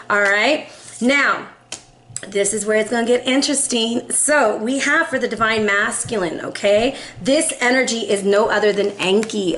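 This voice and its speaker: A woman's voice: a little high, a bit bright, roomy sound, a little hiss or hum. Upbeat chatty woman in her forties. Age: 40s. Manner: upbeat, chatty, frequent "okay?" and "guys". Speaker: tarot reader. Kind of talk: casual tarot reading.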